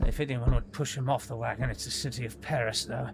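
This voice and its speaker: A man narrating a tabletop horror game as game master, describing scenes in an unhurried way with many filler words. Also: mid-range voice, fairly even intonation, vocal fry.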